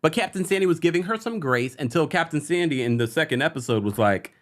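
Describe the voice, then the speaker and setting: A man hosting a casual live-stream recap of reality TV, chatty and animated, quoting the people he talks about. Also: fairly high pitch, quick pace, few pauses. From United States. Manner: animated, chatty, with laughs and quoted asides. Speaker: host.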